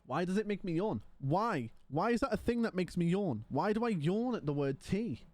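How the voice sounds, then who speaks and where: Male streamer, a touch high-pitched, sleepy and rambling, bone-dry home desk-mic sound. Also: lively intonation, normal speed, no echo. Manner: chatty, rambling, yawning and tired. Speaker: livestreamer. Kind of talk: casual stream chat.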